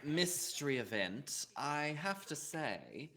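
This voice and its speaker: A player voicing a lively, evasive woman smuggler. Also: mid-range voice, slow, a crowd in the background. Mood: polite. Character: famous woman smuggler in disguise. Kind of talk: voicing a character in a tabletop game.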